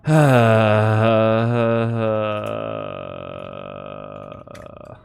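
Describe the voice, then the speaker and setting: A male game streamer talking casually on stream with a lively, swinging voice. He swears freely and laughs often, with faint music underneath. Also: lowish voice, very slow, gravelly, clean tone. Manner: animated, swears, laughs a lot. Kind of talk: casual live-stream chat.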